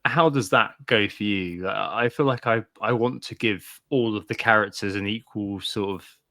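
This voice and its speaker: Co-host: man, low gravelly voice, dry close mic, halting chatter. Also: pushed and bright, no room sound. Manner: hesitant, many ums and restarts. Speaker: podcast co-host. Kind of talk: casual chat.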